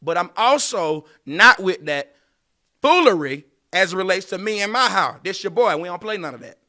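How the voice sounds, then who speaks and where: A man with a high-sitting voice speaks at a moderate pace, hosting a podcast about dating. In his late thirties, he's animated and preachy, delivering a casual monologue straight to his audience.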